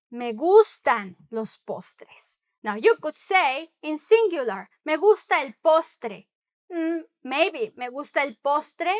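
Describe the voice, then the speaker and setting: A woman teaching a casual Spanish lesson, switching between English and Spanish and slowly repeating example phrases. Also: high voice, fairly bright tone. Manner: chatty, thinks aloud with small asides.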